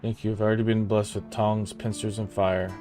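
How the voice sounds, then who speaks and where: A man casually commenting on his own video game play, thinking aloud in a relaxed, offhand way. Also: lowish voice, fairly quick, soft background music. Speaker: gamer.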